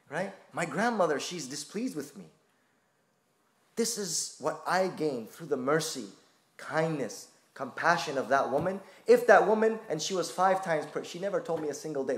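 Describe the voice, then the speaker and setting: A man's voice: a little high, expressive, moderate pace, echoey room. A man preaching a sermon, telling a personal story with passion. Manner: impassioned storytelling.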